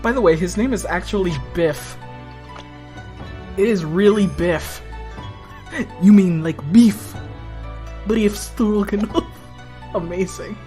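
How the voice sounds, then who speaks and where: Woman, streamer, swearing, laughing outbursts, slow speech, faint background music. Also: mid-range voice. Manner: loud, laughing, swearing reactions. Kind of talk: casual gaming commentary.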